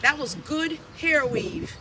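High, lively woman scolding her dogs. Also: takes it slowly, a little hiss or hum. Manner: playful scolding, laughing between lines; loud pleading calls. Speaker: pet owner filming her dogs. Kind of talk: casual vlog commentary.

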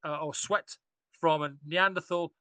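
A man's voice: a little high, steady tone, normal speed, sharp tone, clean tone, no room sound. A man, an archaeologist guest on a podcast, talking enthusiastically and rambling with frequent restarts. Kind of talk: casual podcast discussion.

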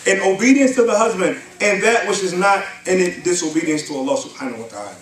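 A man's voice: high-pitched, animated, quick pace. A man giving a religious lecture in a mosque, reciting Arabic verses and asking the audience rhetorical questions. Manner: quotes Arabic verses and asks rhetorical questions like "huh?" and "what?". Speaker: Islamic lecturer. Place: mosque hall. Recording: echoey hall, mic at a distance, faint hiss.

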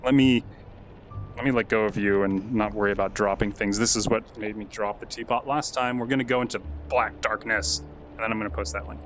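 A man's voice: lowish voice, steady tone, brisk, a bit bright, slight background noise. A man commentating a live game stream, chatty and easily amazed, reading out and thanking viewers.

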